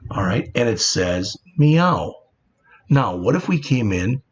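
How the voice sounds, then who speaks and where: This programming teacher has a mid-range, slightly rough voice with big pitch swings, and he takes things at a slow pace. Over his screen-recorded coding tutorial he explains plainly and often says "all right," with dull, lo-fi sound and a hint of background noise.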